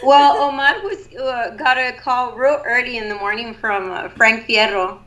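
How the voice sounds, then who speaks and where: Brief: high, bright-toned female musician guest, easygoing and laughing. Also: normal speed, faint music behind. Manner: friendly, laughs often, mixes in Spanish. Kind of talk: casual radio chat.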